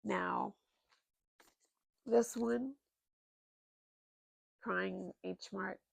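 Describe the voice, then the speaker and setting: A woman's voice: medium pitch, fairly even intonation, extremely slow, creaky, slightly rough, dry recording. A married woman chatting casually and expressively about books she recommends, with plenty of fillers. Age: adult, married. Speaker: book vlogger.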